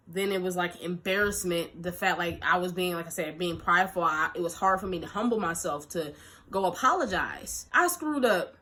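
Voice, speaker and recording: Young adult woman, vlogger, animated storytelling, bright voice. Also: lowish voice, moderate pace. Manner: animated storytelling, acts out quotes, laughs a lot. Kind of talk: storytime vlog.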